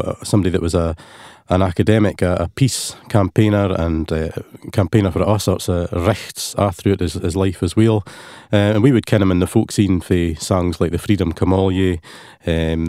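Deep, mellow Scottish man, halting. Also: steady tone, dry recording, studio quality. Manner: halting, with many fillers and restarts. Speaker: guest. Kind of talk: interview talk.

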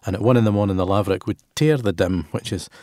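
A Scottish man with a low-pitched voice, chatting about old customs in a radio studio. He pauses and restarts often and mixes Scots words into his talk. The room sounds dry and close. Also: darkish tone, dry recording. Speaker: guest on a radio show. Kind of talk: casual chat about local lore.

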